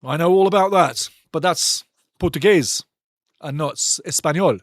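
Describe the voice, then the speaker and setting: A man's voice: fairly high pitch, moderate pace, dry recording, studio quality. A man doing passionate live football commentary for a watch-along, mocking the referee and bantering with the chat.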